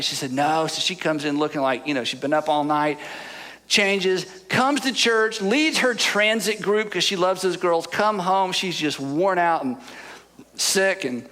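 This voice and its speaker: Brief: middle-aged man preaching, bright and fairly high, earnest storyteller, choked with emotion. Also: a little slow. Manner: earnest, storytelling, repeats "I'm telling you". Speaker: pastor. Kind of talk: sermon.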